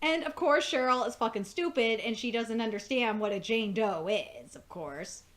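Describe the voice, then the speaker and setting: A young woman recapping a TV episode in a casual, excitable way, laughing often, swearing and filling gaps with um and uh. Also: on the high side, normal speed, slight background noise. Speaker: episode reviewer.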